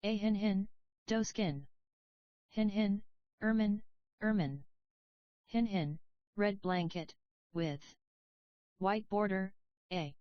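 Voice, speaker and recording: Woman reading as a gruff old toad mother. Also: medium pitch, slow pace, pauses often, no room sound, highs cut off, natural voice. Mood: wailing. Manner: gruff coarse wailing. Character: big ugly old female toad mother, possessive.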